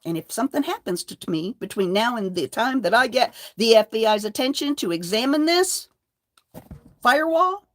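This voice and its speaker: An older woman hosting her own channel, delivering a defiant, profane rant to the camera. She moves between low mutters and loud, heated outbursts. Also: lively intonation, brisk, hardly any pauses, no echo, studio quality. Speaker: channel host. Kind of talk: angry livestream rant.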